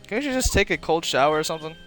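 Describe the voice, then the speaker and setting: Wry young lawyer, dry and deadpan, as read by a man. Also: fairly high pitch, rapid-fire, faint music behind.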